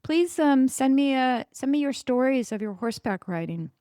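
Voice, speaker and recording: Enthusiastic woman podcaster, smooth voice. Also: sits high, expressive, moderate pace, warm tone, dry recording, studio quality. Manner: enthusiastic, rambling, with self-corrections. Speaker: podcast host. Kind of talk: casual solo podcast monologue.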